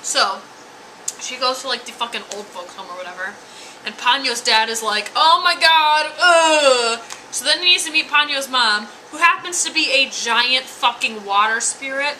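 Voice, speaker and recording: A woman's voice: on the high side, expressive, moderate pace, bright, forceful tone, slight background noise, rough recording. A tipsy woman giving a rambling, giggly, profane comic review. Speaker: anime reviewer.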